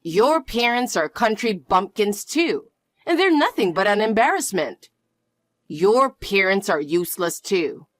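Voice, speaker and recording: A woman voicing a harsh, scornful mother-in-law who talks in a slow, cold, cutting way. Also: medium pitch, very animated, no echo, studio quality. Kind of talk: dramatized story dialogue.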